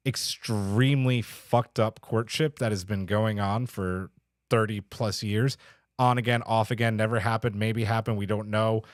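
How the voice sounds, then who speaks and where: A man's voice: fairly low pitch, dry recording, studio quality. A man co-hosting a podcast, chatting casually and enthusiastically, swearing now and then and reading out listener comments. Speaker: podcast co-host. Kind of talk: casual review chat.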